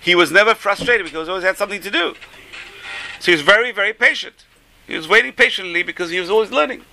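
A man's voice: sits high, fast, pushed and bright, a little hiss or hum, low-quality recording. A man, teaching a Torah class, who repeats key phrases for emphasis and tells jokes along the way. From England.

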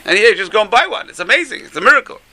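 A man teaching a Torah class as a rabbi, animated and exclamatory, dropping to soft asides and rising to loud emphasis. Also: sits high, rapid-fire.

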